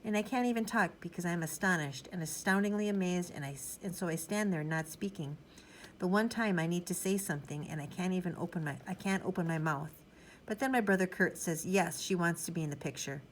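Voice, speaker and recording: A woman narrating a children's chapter book in the first person, rambling in a chatty, childlike way. Her voice sits on the low side. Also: brisk, slight background noise, rough recording. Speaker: audiobook narrator.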